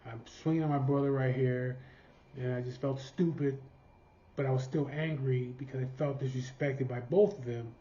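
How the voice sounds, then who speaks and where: A man's voice: medium pitch, fairly even intonation, moderate pace, dark tone. A man telling a personal story in a blunt, profane, casual way, acting out what each person said. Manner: blunt, profane, voices the people he quotes. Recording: dull, slightly noisy recording.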